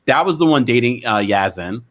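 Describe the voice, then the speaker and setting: A man hosting a reality-show recap, chatting in a gossipy, teasing way with quick asides. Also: medium pitch, expressive. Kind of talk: gossipy casual chat.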